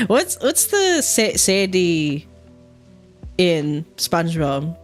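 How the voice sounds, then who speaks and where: A woman's voice: on the low side, very animated, a little slow, long pauses, soft background music. A young woman chatting casually on a livestream, rambling with lots of fillers, frequent laughter and casual swearing. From Australia. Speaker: streamer.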